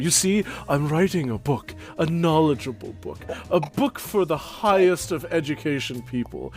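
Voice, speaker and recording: A man voicing a pompous, scholarly bird-folk gentleman who is a vain writer, speaking in a grandiose, fussy way. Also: medium pitch, lightly acted.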